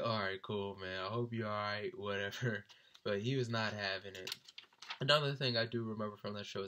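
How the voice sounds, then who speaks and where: A young adult man casually telling a concert story, animated and laughing often as he mimics his friends. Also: medium pitch. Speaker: vlogger recounting a concert.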